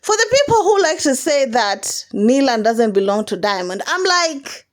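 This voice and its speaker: A woman hosting a casual celebrity gossip commentary. She talks in an animated way, laughs often and keeps asking emphatic rhetorical questions. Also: high voice, normal speed.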